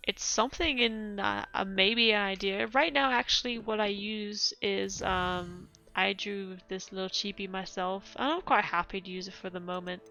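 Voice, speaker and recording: A woman's voice: mid-range voice, fairly even intonation, normal speed, few pauses, sharp tone, soft background music. A European woman streaming a game, chatting casually, laughing often and reading chat aloud.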